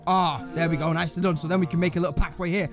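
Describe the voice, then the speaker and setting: A man's voice: a little high, steady tone, rapid-fire, soft background music. A man, hosting a let's play with rambling, jokey, casual commentary. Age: 20s. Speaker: gaming channel host.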